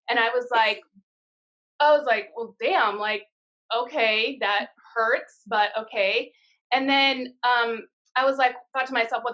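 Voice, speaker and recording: Bright, frank woman swearing freely. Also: fairly high pitch. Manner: candid storytelling with frequent swearing. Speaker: guest, card-deck founder. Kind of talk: casual live-stream interview. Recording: dull lo-fi live-stream audio.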